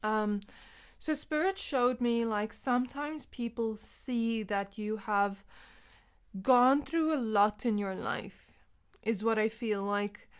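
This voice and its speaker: Smooth-voiced woman reading tarot. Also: on the high side, takes it slowly. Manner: rambling, intuitive, many "um" and "like" fillers. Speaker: tarot reader. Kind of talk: pick-a-card tarot reading.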